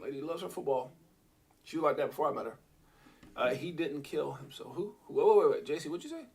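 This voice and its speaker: A man hosting a live stream with a husky voice that sits a little high. He talks to his viewers in an excitable, rambling way, with his pitch jumping up and down as he goes. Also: quick pace. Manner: excitable, rambling, talks to chat and reads out posts. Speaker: crypto livestream host. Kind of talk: casual live commentary.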